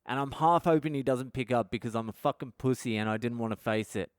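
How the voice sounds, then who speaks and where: Man, thirties, profane storyteller, smooth and resonant, dry close mic. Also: medium pitch, fast talker, dry recording. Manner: profane, raw, confessional. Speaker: podcast host. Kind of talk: candid storytelling monologue.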